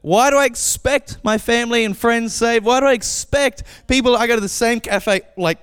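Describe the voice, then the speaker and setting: A man preaching a casual, animated sermon as pastor, acting out voices when he tells a story. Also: extremely high pitch, normal speed, clean tone, long reverb tail. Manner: animated, acts out voices in anecdotes. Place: church.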